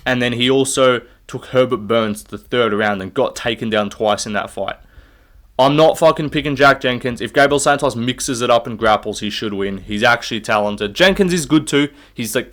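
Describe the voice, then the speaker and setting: A man's voice: mid-range voice, a bit bright. A young man, giving his fight picks in a rambling, profane, opinionated solo rant while standing up to record. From Australia. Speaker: MMA fight predictor.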